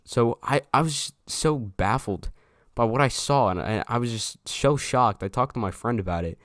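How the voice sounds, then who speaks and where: A man's voice: mid-range voice, animated, normal speed, a bit bright, no echo, clean studio sound. A young man telling a casual storytime to his viewers, loose and slangy, swearing freely. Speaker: storyteller vlogger.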